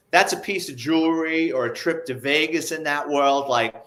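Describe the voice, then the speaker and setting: A man, telling old police stories in a relaxed, chatty way and acting out the people in them. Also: mid-range voice. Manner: animated, acts out the people in his stories. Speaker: guest, retired police investigator. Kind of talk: casual storytelling.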